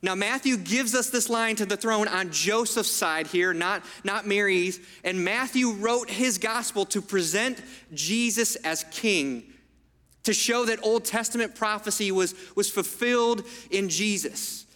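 A man preaching in a church sanctuary, his voice high and bright as it rings through a hall with a long reverb. He keeps it conversational and checks in with the listeners often. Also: measured pace. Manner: conversational, asks the room for agreement. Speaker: pastor. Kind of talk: sermon.

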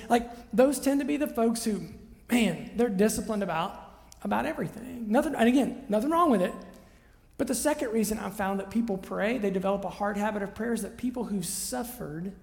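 A pastor with a high voice, a little mellow and touched by vocal fry, preaches a conversational sermon. He's chatty and keeps checking in with listeners by asking "right?", his words echoing with the long reverb of a large hall.

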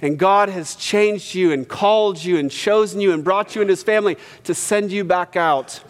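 A pastor telling a story in a sermon, acting out quotes and swinging from hushed to loud. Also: male voice, high-pitched, brisk. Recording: church hall reverb.

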